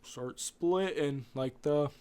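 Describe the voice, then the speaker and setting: A man's voice: fairly high pitch, slow pace, a little mellow, clean tone. A man hosting a podcast, rambling off script through an opinionated casual monologue. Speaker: podcast host.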